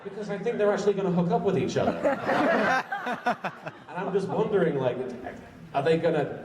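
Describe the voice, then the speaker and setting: A man's voice: high voice, lively intonation, brisk. A man telling a rambling anecdote to a convention panel audience, often restarting his sentences. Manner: rambling, self-interrupting anecdote teller. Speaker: panel guest. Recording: roomy, far from the mic, crowd noise.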